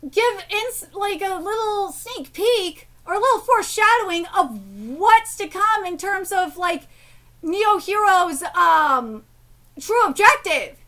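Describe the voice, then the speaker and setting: A woman's voice: extremely high pitch, expressive, slow pace, bright, forceful tone. A woman in her thirties giving live reaction commentary, ranting profanely with lots of fillers and restarts, angry. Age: 30s. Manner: rambling with many fillers and restarts. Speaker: streamer reacting to a manga chapter.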